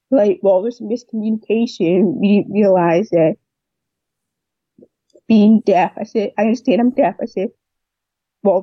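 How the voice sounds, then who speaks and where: Young deaf woman rambling through her story, kinda husky, dull dry recording. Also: medium pitch, no echo. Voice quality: deaf speech. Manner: rambling, animated retelling of dialogue. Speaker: interviewee. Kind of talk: casual storytelling.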